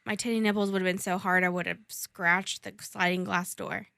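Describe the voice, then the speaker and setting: A woman's voice: on the low side, level tone, normal speed, gravelly, pushed and bright, clean tone, no echo. A woman hosting a podcast in casual chat, bantering bluntly and joking. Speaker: podcast host.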